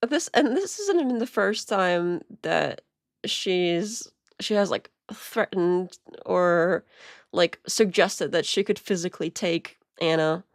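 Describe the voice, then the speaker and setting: A woman's voice: on the low side, expressive, slow, gravelly, dry recording, studio quality. A woman streamer giving rambling, laughing commentary on video clips. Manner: rambling, many restarts and laughs. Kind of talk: casual commentary.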